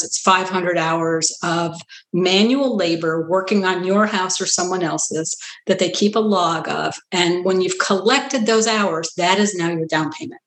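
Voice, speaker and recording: A middle-aged woman family physician telling stories in an earnest conversational interview, animated when she quotes others. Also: on the low side. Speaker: family physician, practice founder. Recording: roomy echo.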